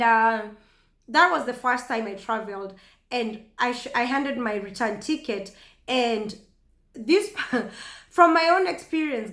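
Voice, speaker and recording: Kenyan woman chatting away to her camera, kinda high voice, animated, laughs a lot, roomy echo. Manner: chatty and animated, laughs often and acts out quotes. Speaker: vlogger. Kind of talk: casual storytelling to camera. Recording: echoey room.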